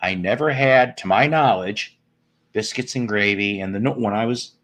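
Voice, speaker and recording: A man's voice: lowish voice, moderate pace, a bit bright. A man hosting a casual live stream, rambling and joking with viewers with crude humor. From northern United States.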